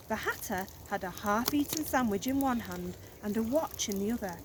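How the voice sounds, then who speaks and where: Expressive woman reading a story outdoors. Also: a little high, noisy background. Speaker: teacher. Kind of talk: reading a children's story aloud. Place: outdoors on a snowy walk.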